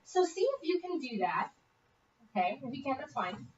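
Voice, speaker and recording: A young woman teaching a bassoon lesson, upbeat and encouraging, checking in with the student often. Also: very animated, moderate pace, heavy background noise. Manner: upbeat, coaching with frequent okay checks. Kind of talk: encouraging one-on-one music lesson. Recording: echoey, distant, dull room audio.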